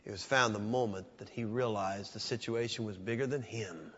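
A pastor preaching a sermon, swinging from loud raised peaks down to hushed, low passages. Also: male voice, moderate pace, few pauses, a little hiss or hum. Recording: dull sound with long church reverb.

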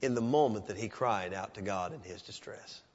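A pastor preaching a sermon, swinging from loud raised peaks down to hushed, low passages. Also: male voice, moderate pace. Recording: dull sound with long church reverb.

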